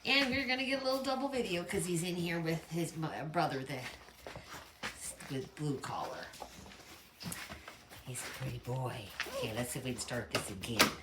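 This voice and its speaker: A woman's voice: low-pitched, expressive, normal speed, reverberant, noisy background. A woman breeder talking casually over videos of her dogs, chatty and cooing at the puppies. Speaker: dog breeder. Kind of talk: casual narration over home dog videos. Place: home kitchen under construction.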